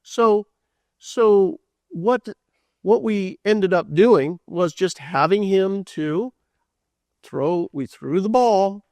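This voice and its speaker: A man giving a conference keynote, telling a story in a loose, animated way with many fillers and restarts, acting out what people said. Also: high-pitched, drawn-out words, no echo. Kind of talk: storytelling talk.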